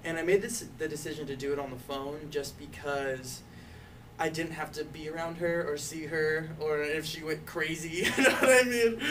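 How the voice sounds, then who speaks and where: A young man telling his own coming-out story in a casual way, full of "like" and "you know" and light laughs. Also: on the high side. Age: young adult. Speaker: youth activist intern. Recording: distant mic, faint background noise.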